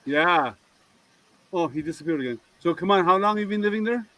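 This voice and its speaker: A man's voice: high-pitched, lively intonation, a little fast, a bit bright, rough recording. Teasing, chatty man on a call. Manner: chatty, teasing, laughs often. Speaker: host of a group video hangout. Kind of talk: casual group chat. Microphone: video call.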